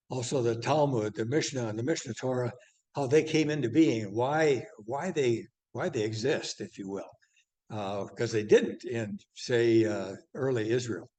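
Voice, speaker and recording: An older man teaching an evening church class, talking his way through maps in a halting, rambling way. He stops and restarts often, with filler words. His voice sits at an ordinary middle pitch. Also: a little mellow.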